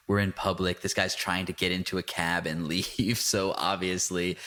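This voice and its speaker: A man's voice: low voice, sharp tone. A man co-hosting a podcast, talking through a film in an earnest, reflective way with frequent restarts. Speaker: podcast co-host. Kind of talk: casual film discussion.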